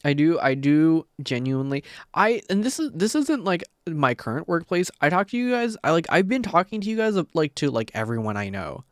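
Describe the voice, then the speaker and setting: A man chatting live on stream at a desk mic, excitable and rambling, swearing often. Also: fairly high pitch, a little fast, hardly any pauses, dry recording, clean studio sound. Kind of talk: casual live-stream chat. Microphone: desk mic on a mic arm.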